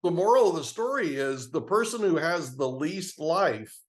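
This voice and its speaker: A man hosting a podcast interview, mostly adding short agreements, laughs, and slow remarks. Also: a little high, lively intonation. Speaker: podcast host. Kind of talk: casual interview chat.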